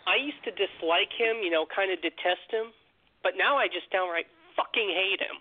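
A man's voice: high-pitched, moderate pace. Profane man in his twenties on a phone line. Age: 20s. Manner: blunt, profane complaining. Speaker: guest caller. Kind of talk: casual podcast chat. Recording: tinny phone-line audio.

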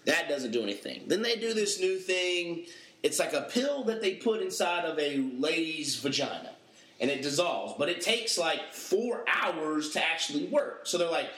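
A young adult man telling a story in casual chat, animated and acting out the voices of people he quotes. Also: a little high, moderate pace, echoey room. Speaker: podcast panelist.

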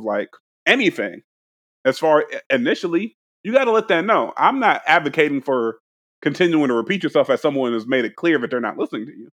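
A man's voice: mid-range voice, a bit bright. A man in his thirties co-hosting a podcast in casual chat, rambling and profane, with frequent restarts. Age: 30s. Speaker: podcast co-host.

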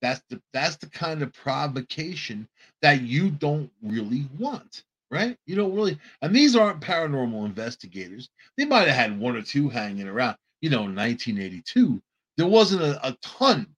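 A man holds forth on a paranormal show in a casual, wandering monologue. He jokes along the way and keeps backing up to restart his sentences. His voice sits at an ordinary middle pitch. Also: sing-song, normal speed, breathy edge. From Long Island, New York. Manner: loose, joking, self-interrupting with repeated restarts.

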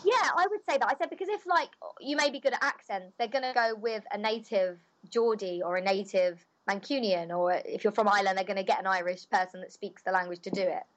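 A woman's voice: medium pitch, quick pace, few pauses. A cheerful young woman, a voice actor answering interview questions in a chatty, bubbly way.

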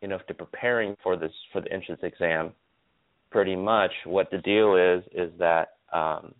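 A man from Stockton, California, a guest optometrist telling stories in an animated way, repeating words and using lots of fillers. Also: sits low, normal speed. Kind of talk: casual interview storytelling. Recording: tinny phone line.

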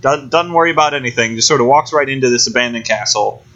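A man's voice: medium pitch, fast, fairly bright tone, highs cut off, a little hiss or hum. A man co-hosting a casual film-recap chat, dry and joking, with some stammered restarts. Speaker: podcast co-host.

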